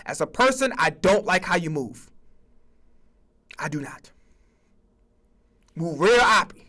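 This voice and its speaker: Animated, bright-voiced ranting man. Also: on the high side, a little slow. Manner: animated, profane, acts out mock dialogue. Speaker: streamer host. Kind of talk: casual sports rant.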